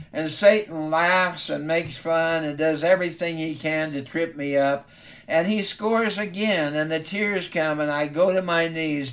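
Man preaching a heartfelt story sermon, earnest and stammering, voice on the higher side. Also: fairly bright tone.

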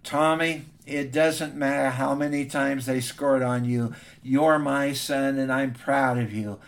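A man's voice: mid-range voice, steady tone, measured pace, natural voice. A man as a tender proud father. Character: tender, proud father comforting his son.

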